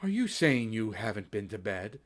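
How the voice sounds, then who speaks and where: Man doing a soft-spoken ghostly woman, gently scolding, lively rise and fall. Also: fairly low pitch, moderate pace.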